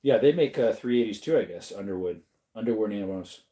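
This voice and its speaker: A weary middle-aged man from Arizona, chatting with his livestream viewers late in the evening. His voice is mellow and dark, and his pitch rises and falls a lot as he drawls through his answers. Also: lively intonation, brisk. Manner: drawling and tired, slips into joke voices. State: tired. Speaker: livestream host reading chat. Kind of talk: casual livestream chat.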